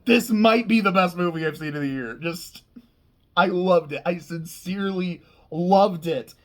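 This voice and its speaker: Casual male film reviewer, higher-pitched voice, loose and excitable delivery with frequent laughter. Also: unhurried. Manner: rambling, excitable, laughs often, swears. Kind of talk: casual unscripted movie talk.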